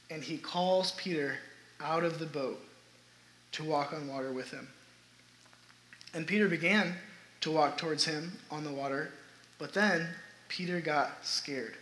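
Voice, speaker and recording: A man's voice: on the high side, bright, forceful tone, a little hiss or hum. A man preaching a sermon to his congregation in a church sanctuary, talking earnestly and building emphasis. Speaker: pastor. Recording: roomy echoey sanctuary sound.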